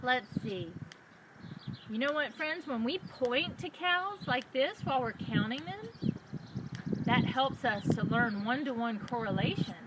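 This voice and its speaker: A woman who is a children's librarian, leading a storytime and speaking slowly in a sing-song way to small children. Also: sits high, animated. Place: outdoors on a farm. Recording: distant mic with loud outdoor noise.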